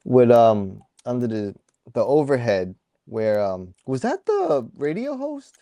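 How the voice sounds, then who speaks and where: A man's voice: mid-range voice, big pitch swings, slow, mellow, no echo. A man co-hosting a casual comic book podcast, laid-back and jokey, with plenty of fillers and murmured agreement. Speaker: podcast co-host.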